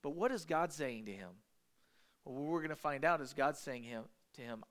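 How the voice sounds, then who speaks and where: A male pastor preaching a sermon in an animated, conversational way, with emphatic asides to the congregation. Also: medium pitch, normal speed.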